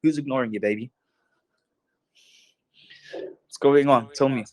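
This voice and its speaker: A man's voice: mid-range voice, a little slow, no echo. A young man hosting a casual live talk show, full of hype and getting more and more pumped up. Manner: excitable hype, says he gets pumped and could start yelling. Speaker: podcast host.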